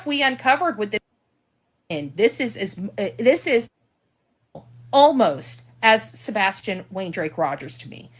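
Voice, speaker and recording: A woman's voice: mid-range voice, sing-song, unhurried. A woman in a played video clip, explaining herself in a defensive, aggrieved way.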